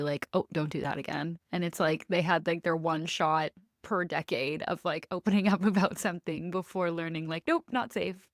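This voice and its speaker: A woman's voice: on the low side, no echo, clean studio sound. A woman hosting a podcast, asking questions in a chatty, casual way with lots of "like.". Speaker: podcast host. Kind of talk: casual interview chat.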